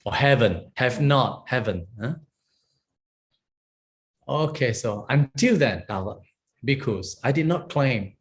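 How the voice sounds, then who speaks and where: Speaking slowly and expressively in a mid-range voice, with long pauses, this man walks his listeners through Pali grammar word by word. Along the way he explains each step and checks in with a "huh?" or an "okay?"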